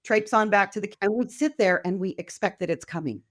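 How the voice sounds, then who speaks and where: A woman's voice: medium pitch, fairly quick. A middle-aged woman speaking as a podcast guest, talking casually and with enthusiasm, often acting out quoted voices. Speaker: podcast guest, wealth mentor. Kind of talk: casual conversational interview.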